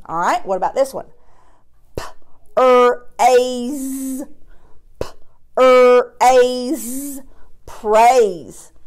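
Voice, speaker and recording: A woman teaching a phonics lesson to young children, drawing out each sound slowly and patiently, with encouraging praise. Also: a little high, darkish tone. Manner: slow, drawn-out sounding of word parts; encouraging, patient classroom delivery.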